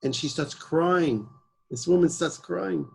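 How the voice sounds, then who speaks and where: A man with a heavily gravelly, fry-laden voice and a husky edge. He tells his story in an earnest, emphatic way and drops Hebrew words into his English. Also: a little high, slow, poor audio. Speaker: guest, emergency service founder. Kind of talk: personal storytelling in an interview.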